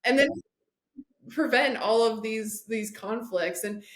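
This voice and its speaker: A woman's voice: a little high, slow, reverberant. A woman guest on a podcast, an addiction and recovery coach, telling a story in casual chat and acting out the dialogue, with lots of "like" fillers.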